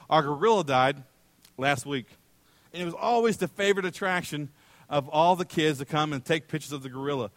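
Middle-aged male pastor, high-pitched, animated storyteller, dry close-miked sermon. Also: no room sound. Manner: animated storyteller, acts out quoted voices with big pitch jumps.

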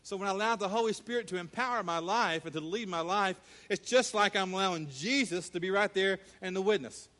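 A man preaching a sermon, animated, acting out scenes with quoted voices. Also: sits high, brisk, few pauses. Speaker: pastor. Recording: long reverb of a large hall.

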